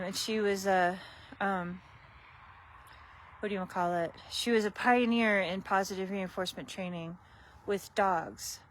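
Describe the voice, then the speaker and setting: A woman's voice: medium pitch, slight background noise, rough recording. A woman horse trainer chatting casually on a livestream while working outdoors at a barn, easygoing and coaxing.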